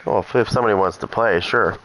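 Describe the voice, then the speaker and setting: A man's voice: lowish voice, fast talker, fairly bright tone, a little hiss or hum, poor audio. A man who runs a gaming channel, chatting casually and rambling through asides while he plays. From Canada. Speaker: gaming streamer. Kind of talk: casual chat over gameplay.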